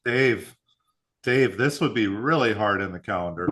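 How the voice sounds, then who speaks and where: Bright-voiced man hosting a whiskey tasting. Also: lowish voice, normal speed. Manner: relaxed, reads out mash bills and tasting notes. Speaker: whiskey club host. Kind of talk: casual tasting chat.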